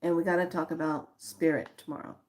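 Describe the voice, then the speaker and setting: A woman vlogger in relaxed, casual chat with her audience. She giggles through her sentences and keeps an easy, fond tone toward her listeners. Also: sits low, fast. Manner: giggly, chatty, calls viewers lovelies. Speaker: spiritual vlogger.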